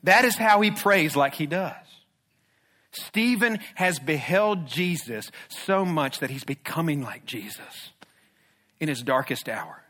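A man preaching a sermon, moving between loud emphatic declarations and hushed, low, intense passages. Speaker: pastor.

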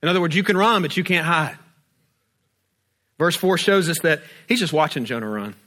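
A man's voice: fairly high pitch, animated, normal speed, pushed and bright. A man pastor preaching a sermon, pressing with rhetorical questions and breaking in with humorous everyday asides.

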